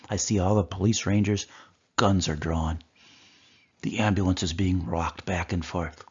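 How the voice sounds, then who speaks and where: A man who is a doctor, giving a recorded course lecture and telling a story from his work with animated voices. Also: low-pitched, husky, dull audio.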